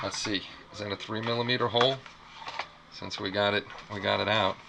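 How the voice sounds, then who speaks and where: A man's voice: fairly low pitch, fairly even intonation, a little slow, long pauses. A man hosting a casual live unboxing stream from a small apartment, rambling, repeating himself and reacting to chat. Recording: clear background noise.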